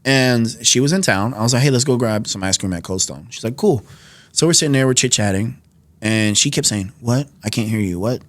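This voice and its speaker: Animated young man telling his story. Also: medium pitch, fairly quick, no room sound. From New York. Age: 20s. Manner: animated storyteller, acts out quoted dialogue, many fillers. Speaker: podcast guest. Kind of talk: personal testimony in casual conversation. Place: podcast studio.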